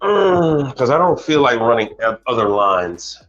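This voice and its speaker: A man's voice: medium pitch, sing-song, measured pace, fairly bright tone. A man, an appliance technician, chatting casually on a livestream, often restarting his sentences. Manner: casual, repetitive, starts over a lot. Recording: dull sound with faint music.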